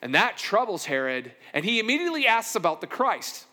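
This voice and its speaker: A man's voice: high-pitched, very animated, a little fast, pushed and bright. A man preaching a sermon and telling the story with animation, acting out the characters' lines. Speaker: pastor. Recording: long hall reverb.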